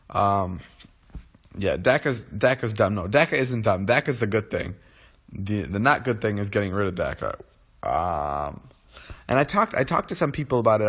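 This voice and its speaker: A man's voice: medium pitch, a bit bright. A young man in his twenties on a casual livestream, just woken up, rambling with lots of restarts and fillers as he talks to viewers. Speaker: livestream host.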